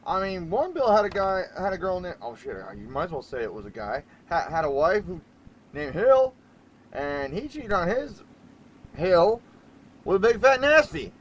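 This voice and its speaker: A man hosting an internet radio show in casual talk, rambling and animated, laughing often and swinging between loud bursts and hushed asides. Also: high voice, fairly quick, few pauses, slight background noise, rough recording.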